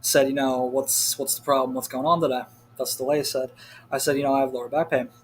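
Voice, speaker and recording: A man's voice: mid-range voice, level tone, quick pace, slight background noise. A young man telling a story in a rambling, casual rant, full of swearing and filler words. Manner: rambling, profane, heavy on "like" fillers. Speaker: vlogger.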